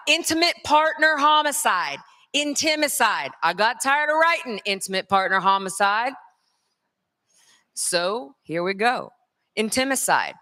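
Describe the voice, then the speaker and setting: A woman from North Carolina with a Southern accent, giving a lively conference lecture straight to the audience. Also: a little high. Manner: lively, addresses the crowd directly. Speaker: conference speaker. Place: large conference hall. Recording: long hall reverb.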